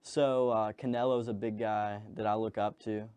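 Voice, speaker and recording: A man's voice: on the low side, level tone, normal speed, darkish tone, clear, resonant tone, no room sound. A young man in his twenties, a guest on a sports talk show, chatting in a modest, easygoing way. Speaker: guest, debut boxer. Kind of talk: casual interview chat.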